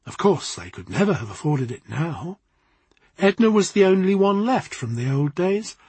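A man reading a story aloud in an expressive, wry narration. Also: a little high, moderate pace, slightly rough, no echo.

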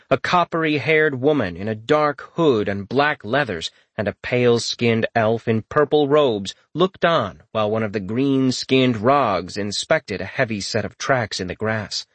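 A man's voice: mid-range voice, no room sound. Man narrating a fantasy audiobook.

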